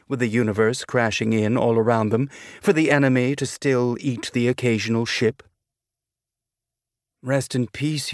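A man reading a novel aloud as an audiobook narrator, with a measured, deliberate delivery. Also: medium pitch, no echo, studio quality. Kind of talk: scripted narration.

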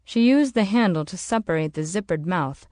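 Casual: woman reading a novel aloud, steady, dry sound. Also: fairly low pitch, normal speed, no room sound. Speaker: narrator. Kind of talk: audiobook narration.

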